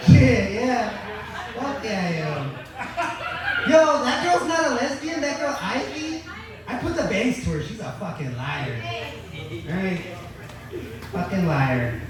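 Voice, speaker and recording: A man performing a crude, profane stand-up comedy set at an open mic. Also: high voice. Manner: crude, profane and deadpan-boasting. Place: open mic venue, echoey room. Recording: very echoey room from far off.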